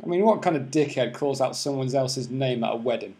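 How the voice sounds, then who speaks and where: A man's voice: medium pitch, fairly quick, warm tone. Jokey, swearing man talking games. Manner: swears freely, jokey and opinionated. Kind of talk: casual chat about video games.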